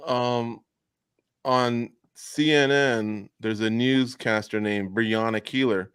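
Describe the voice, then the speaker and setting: A man's voice: medium pitch, takes it slowly, a bit bright, smooth, dry recording, clean studio sound. A man hosting a radio show, asking a guest rambling, joking questions in a casual interview.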